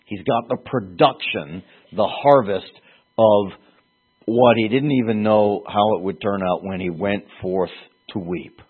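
Male preacher, low husky voice, slow and earnest, heard over a thin phone-like line. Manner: earnest, halting, repeats words for emphasis. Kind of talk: sermon. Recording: tinny phone-like sound.

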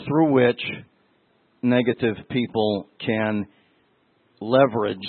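A man with a lowish, husky voice preaches in a loose, conversational way, telling stories and talking straight to the congregation. The sound is tinny and narrow like a phone line, and the room adds no echo. His delivery is emotional and direct. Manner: emotional, storytelling, addresses listeners directly. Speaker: pastor. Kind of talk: conversational sermon.

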